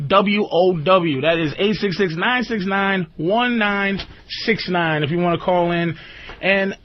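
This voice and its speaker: Radio host type, man, high lively voice, profane comic ranter, muffled lo-fi broadcast sound. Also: a little hiss or hum. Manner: animated, swings into high squeaky outbursts, laughs often.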